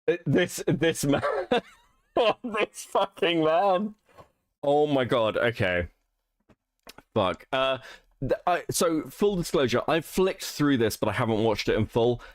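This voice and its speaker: A man co-hosts a stream in a mocking, sweary tone and breaks into laughter often. His voice rides high and swings widely in pitch. He sounds close and dry. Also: sing-song, slow pace, no echo. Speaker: stream co-host. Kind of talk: reaction stream commentary.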